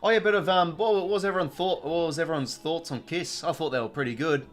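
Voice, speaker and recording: A man's voice: on the high side, quick pace, soft background music. A young Australian man hosting a live watch-along stream, chatting casually, full of fillers and greeting viewers from chat.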